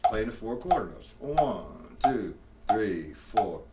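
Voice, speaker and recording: Low-voiced man teaching drums, distant mic. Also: sing-song, slow, very noisy. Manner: explains and counts strokes aloud while demonstrating; rambling, with frequent restarts. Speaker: drum teacher. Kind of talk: live-streamed drum lesson. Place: room with drums. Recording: distant mic with loud drum hits.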